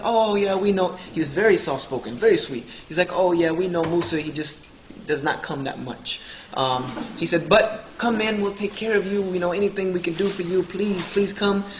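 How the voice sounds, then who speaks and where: A man with a high-sitting voice and a Southern United States background tells a humorous personal story to an audience. He jokes and acts out what other people said; an echoey hall adds faint ambience along with slight background noise.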